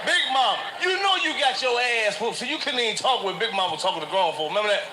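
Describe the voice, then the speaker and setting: Man, very high voice, shouting, profane stand-up story, noisy clip. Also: expressive, quick pace, roomy sound. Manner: loud, shouting, laughing through a crude story. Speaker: comedian on a played clip.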